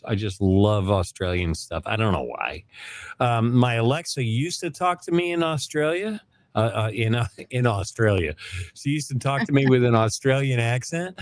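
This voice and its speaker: A man's voice: mid-range voice, no echo. A middle-aged man hosting a live online hangout, talking in a rambling, joking way with lots of ums, over a video call. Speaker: live stream host. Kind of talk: casual chat.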